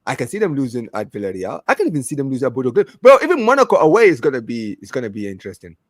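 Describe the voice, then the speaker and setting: A young man co-hosting a casual football talk show, animated and repeating words as he talks over his co-host. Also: medium pitch, very fast, no room sound, studio quality. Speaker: podcast co-host.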